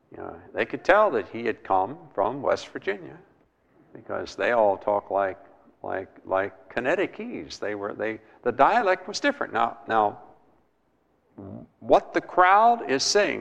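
A man's voice: medium pitch, gravelly, a bit bright. A man preaching a sermon in an emphatic way, repeating words and asking his listeners questions. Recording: long hall reverb.

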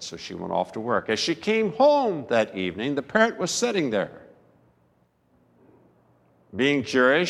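A man preaching a sermon as pastor, telling a story slowly and emphatically with dramatic pauses, recorded in a church sanctuary. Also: mid-range voice, fairly bright tone. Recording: long reverb of a large church hall.

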